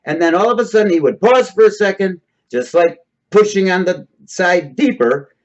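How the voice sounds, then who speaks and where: A man's voice: sits high, expressive, normal speed. A man casually explaining a topic to his audience, rambling a bit and checking in with listeners as he goes. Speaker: host explaining hypnosis. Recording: dull lo-fi recording.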